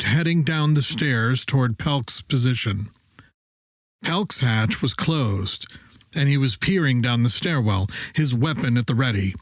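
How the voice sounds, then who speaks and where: A male narrator reading a bedtime sci-fi story in a soft, slow, soothing voice of middle pitch. The recording is dry and close, with no room sound. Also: dry recording. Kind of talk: scripted sleep story narration.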